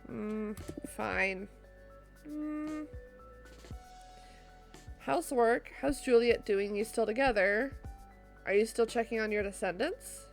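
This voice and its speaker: A woman's voice: on the high side, takes it slowly, creaky, long pauses, soft background music. A woman voicing an older witch who is the stern, protective big sister, speaking in a firm, lecturing tone. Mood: stiff.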